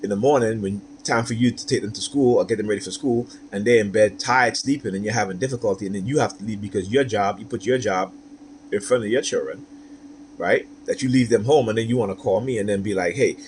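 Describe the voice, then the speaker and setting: A man's voice: on the low side, fast talker, slight background noise. A man talking straight to camera in a personal monologue, aggrieved and repetitive, tagging his points with "right?". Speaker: vlogger.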